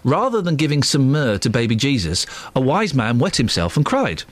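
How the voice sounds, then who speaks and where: A man hosting a radio phone-in, talking in a playful, teasing way with quick asides. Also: mid-range voice, sing-song, no room sound. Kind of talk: breezy radio phone-in chat.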